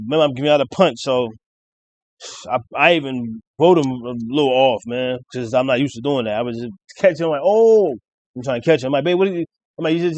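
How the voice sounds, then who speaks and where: A man, rambling casually through a rap battle recap and reciting lines excitedly. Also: no room sound, highs cut off. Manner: rambling, excited, quotes bars with rising pitch.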